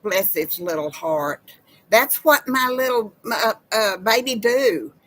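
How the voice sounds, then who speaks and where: Slow-talking folksy woman. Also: mid-range voice, expressive, fairly bright tone, rough recording. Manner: folksy, chatty, addresses viewers as y'all. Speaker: live-stream host. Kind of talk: casual live chat.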